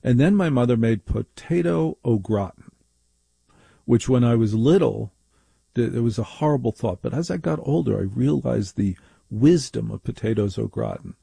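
A middle-aged man hosts a call-in radio show with a gravelly, husky voice. His tone is dark and mellow, and he speaks into a close studio microphone with a dry sound. He tells stories with emphatic, mock-indignant conviction. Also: mid-range voice, normal speed, no echo. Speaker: radio talk show host.

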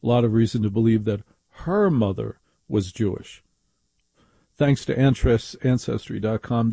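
A man's voice: mid-range voice, mellow, slightly rough, no echo. A middle-aged man hosting a call-in radio show, telling a story in an emphatic, mock-indignant way into a studio microphone. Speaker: radio talk show host.

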